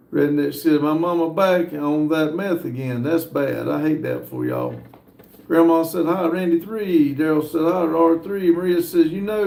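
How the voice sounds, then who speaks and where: A man hosting a live stream, casually reading viewer comments aloud with frequent hesitant pauses. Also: fairly high pitch, creaky, mellow, roomy sound. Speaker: livestream host reading viewer chat.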